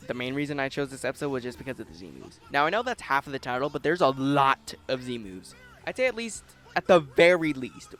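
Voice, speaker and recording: A man's voice: on the high side, a bit bright. A young man hosting a casual countdown video, rambling and jokey, swearing now and then. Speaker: YouTube list host.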